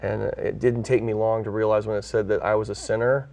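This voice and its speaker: A man's voice: on the low side, little pitch movement, fast talker, creaky, a little mellow, far from the mic, a little hiss or hum. A man from California, a pastor who is a guest on an interview show, earnestly telling his own story and acting out the voices he quotes. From California, USA.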